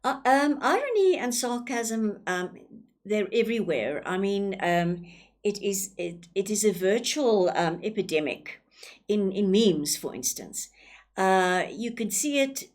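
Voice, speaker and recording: A woman's voice: mid-range voice, lively intonation, a little slow. A woman teacher with a South African English accent, explaining a lesson with many ums and repeated words, often asking rhetorical questions.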